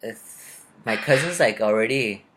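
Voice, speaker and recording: A man's voice: lowish voice, animated, a little slow, a bit bright. Rambling young man telling a story. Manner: rambling, confused, retells conversations in quotes. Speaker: vlogger. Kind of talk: casual storytelling.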